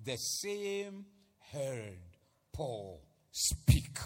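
High-voiced preacher shouting with fervour. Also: male voice. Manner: loud swings from hushed to shouting, chanting repetition. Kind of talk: sermon.

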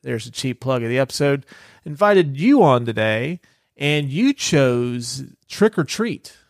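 A man's voice: mid-range voice, very animated, a little slow, no room sound, clean studio sound. A man hosting a casual podcast chat, teasing his guest with profane banter. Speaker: podcast host.

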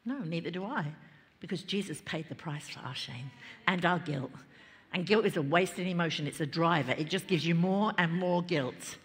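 A woman pastor preaching a lively, conversational sermon in a church, laughing and chatting between points. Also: lowish voice, a little fast. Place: large church hall. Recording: reverberant church hall.

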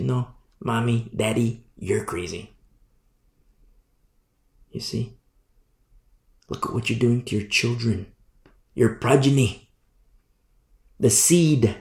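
A man preaching a sermon as pastor, swinging from hushed near-whispers to loud emphatic lines. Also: medium pitch, fairly even intonation, slow, long pauses, roomy sound. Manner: preaching with sudden drops to a hush and rises to loud emphasis.

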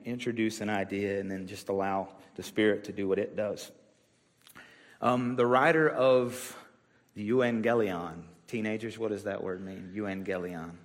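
A man's voice: lowish voice, in a large hall. A man preaching a sermon to his church in a loose, conversational way, with frequent fillers and restarts. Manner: casual, rambling with many fillers and restarts. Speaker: pastor. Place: church sanctuary.

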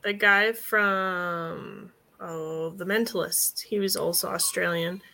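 A woman's voice: on the low side, steady tone, slow pace, creaky, sharp tone. A woman chatting casually with friends on a stream, laughing often and using lots of fillers. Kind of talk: casual group chat.

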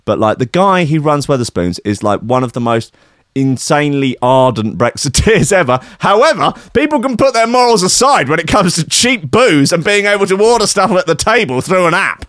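A man's voice: fairly high pitch, sing-song, moderate pace, fairly bright tone, no room sound, clean studio sound. A man hosting a casual chat show, sarcastic and chatty, laughing often. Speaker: radio show host.

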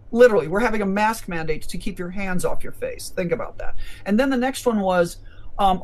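High-voiced emphatic male physician. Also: fairly quick. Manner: emphatic, lecturing. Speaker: physician guest. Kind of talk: conversational interview.

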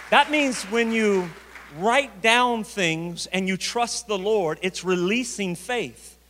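A man preaching a sermon as pastor, building from steady teaching to loud, forceful declarations of faith. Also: sits high, in a large hall.

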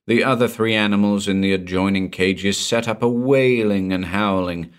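Deep voiced guy reading a spooky story real slow, suspenseful audiobook vibe. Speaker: audiobook narrator. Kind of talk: dramatic audiobook narration.

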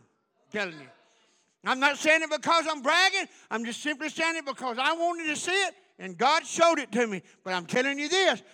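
Preacher guy in a church, real high voice, bright and forceful, keeps ramping up and shouting. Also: animated, moderate pace. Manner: preaching in rising shouted runs, repetitive cadence. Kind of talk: fiery revival sermon. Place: church sanctuary.

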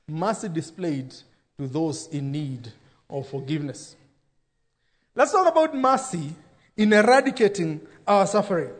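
Man, pastor, sermon, high-pitched, emphatic preaching with dramatic quotes.

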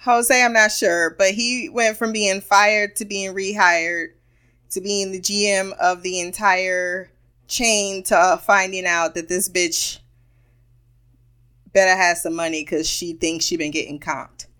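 A woman talks through a cartoon episode in an unhurried, easygoing way. Her voice sits at an ordinary mid pitch, and she sounds amused and playful as she retells scenes. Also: fairly even intonation, bright, forceful tone, clean tone. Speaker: show reviewer. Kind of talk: casual episode recap.

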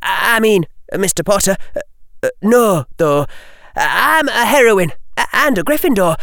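Guy doing a proud little witch girl, crisp and high, dry sound. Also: animated, measured pace, pushed and bright, dry recording, full character voice.

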